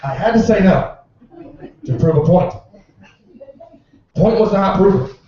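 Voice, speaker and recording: Male stand-up comic, high-pitched and sarcastic. Echoey bar, distant dull mic. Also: lively intonation, a little slow, a little hiss or hum. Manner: sarcastic storytelling with profanity. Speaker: stand-up comedian, bartender. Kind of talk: stand-up comedy set. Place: small bar at an open-mic comedy night.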